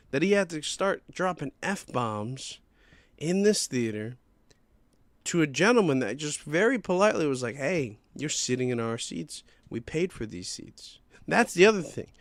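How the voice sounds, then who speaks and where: Young male podcast host, animated and profane storyteller, dry studio sound. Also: on the high side, no room sound. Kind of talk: casual storytelling.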